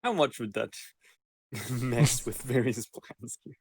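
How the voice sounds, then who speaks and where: A man playing a tabletop game, quiet and hesitant, trailing off as he decides. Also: mid-range voice, slow pace, slightly rough. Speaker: player.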